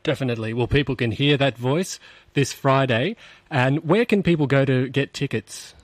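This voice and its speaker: A man, a radio host interviewing a guest in a friendly, slightly halting way. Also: medium pitch, dry recording. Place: radio studio.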